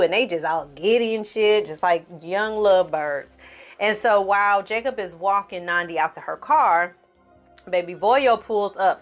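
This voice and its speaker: Sassy woman recapping a show. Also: mid-range voice. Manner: sassy, animated, talks straight to viewers with slang and cursing; acts out the characters' lines in quick put-on voices. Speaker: film and TV recap host. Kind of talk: casual recap commentary.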